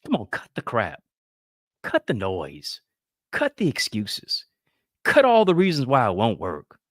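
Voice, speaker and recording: Animated man preaching about boundaries. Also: medium pitch, measured pace, no room sound, studio quality. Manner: call-and-response, rhetorical questions, playful quoted voices. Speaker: motivational speaker. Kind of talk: preaching-style motivational talk.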